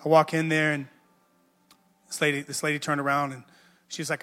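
A man's voice: on the high side, little pitch movement, fast talker, a bit bright. A man, a pastor, telling a personal story in a conversational sermon, self-mocking and repeating words as he builds up. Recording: music under a long hall echo.

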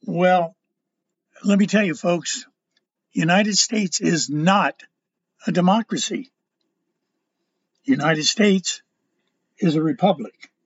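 An older man giving a casual political monologue, rambling and halting, often stumbling over his words. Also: high-pitched, husky, dry recording, muffled recording. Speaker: political commentator.

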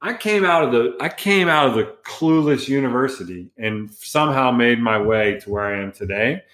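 A man's voice: mid-range voice, animated, normal speed, a bit bright. A middle-aged man, a photographer and entrepreneur, telling rambling, profane, self-mocking stories as a guest in a casual interview. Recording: echoey room.

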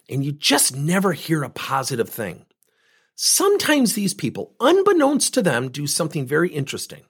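A man's voice: fairly high pitch, wildly swooping pitch, moderate pace, a bit bright, husky. A middle-aged man giving a motivational business talk, speaking directly and emphatically and repeating points for stress.

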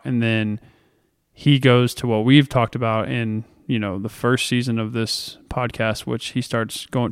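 A man co-hosting a podcast talks through a book chapter on faith, earnestly thinking aloud with fillers in a casual discussion. His mid-range voice is smooth, recorded dry at studio quality.

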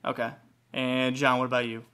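A man's voice: mid-range voice, completely flat delivery, brisk, bright, forceful tone, smooth. Man moderating a mock debate. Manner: mock-formal, announces points. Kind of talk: mock game-show hosting.

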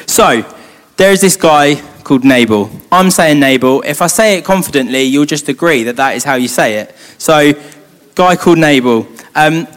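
A young man, a youth leader, telling a Bible story in a chatty way with joking asides. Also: fairly high pitch. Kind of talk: casual Bible storytelling talk. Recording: long hall reverb.

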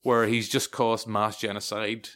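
A man's voice: fairly low pitch, flat delivery, unhurried, a bit bright, smooth. An Irish man hosting a podcast, chatting casually about a film, rambling and wry with many asides. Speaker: podcast host. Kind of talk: casual film review chat.

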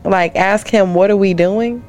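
A woman's voice: medium pitch, unhurried, a little mellow, soft background music. Laughing woman reading a letter aloud. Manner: laughs often while reading, playful asides. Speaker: guest co-host. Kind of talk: casual podcast banter and reading a listener letter aloud.

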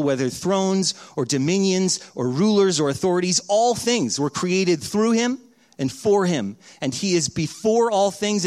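This is a middle-aged man preaching as a pastor, whose voice sits high. He tells stories animatedly, voices the characters, and lowers from loud to hushed.

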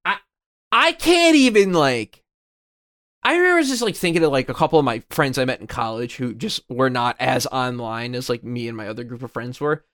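A man's voice: medium pitch, normal speed, a bit bright. A man in his thirties in a rambling, swearing casual chat as a podcast co-host. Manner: rambling, swears freely, many restarts.

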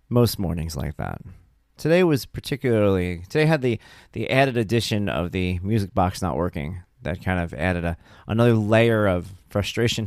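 A man's voice: low-pitched, vocal fry, no echo, clean studio sound. A tired man hosting his own podcast, chatting casually and acting out family conversations as he tells them. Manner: animated storyteller, acts out dialogue. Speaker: podcast host. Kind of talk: casual solo podcast monologue.

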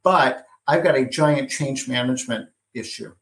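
A man's voice: mid-range voice, normal speed, vocal fry, fairly bright tone. A man hosting an interview, thinking aloud and building long questions with frequent restarts. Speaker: interview host. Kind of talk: conversational interview.

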